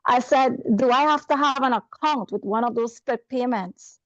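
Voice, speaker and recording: A woman with a higher voice and an accent from another first language asks her question over a video call. She rambles and apologizes a lot. The audio is dull and very dry. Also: normal speed, no room sound. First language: not English. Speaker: student asking a question.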